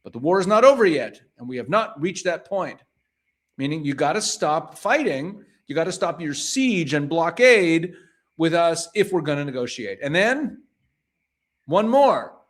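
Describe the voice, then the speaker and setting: A man works through a run of news items, reading each one aloud before restating it bluntly in his own words. His voice sits a little higher than most men's, and he presses his points with rhetorical questions. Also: sing-song, measured pace. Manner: reads passages then paraphrases them pointedly, with rhetorical questions. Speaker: news commentator. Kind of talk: reading headlines aloud and commenting.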